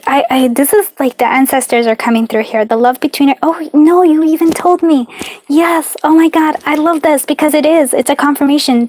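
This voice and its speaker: A woman with a slightly high voice leads a live-stream card reading. She talks in a warm, chatty and reassuring way, full of fillers and small laughs. Now and then she drifts away from her device mic. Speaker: tarot and charm reader.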